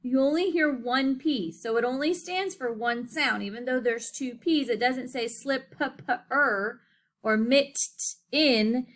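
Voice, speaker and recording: A high-voiced woman teaches children a phonics lesson, pronouncing each sound slowly and clearly. She keeps checking in with them by asking "okay?"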